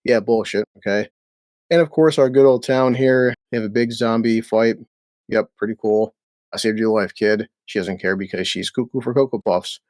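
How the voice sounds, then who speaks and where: A man's voice: medium pitch, normal speed, a little mellow, dry recording. Blunt, profane man recapping a show. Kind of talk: casual TV episode recap.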